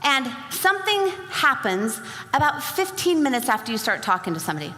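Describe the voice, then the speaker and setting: A woman's voice: high-pitched, very animated, fairly quick, sharp tone. A woman telling a story to a live audience at a sales event, acting out both sides of a conversation with lots of energy. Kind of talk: motivational talk to a live audience. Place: large hall before an audience. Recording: live hall recording with reverb.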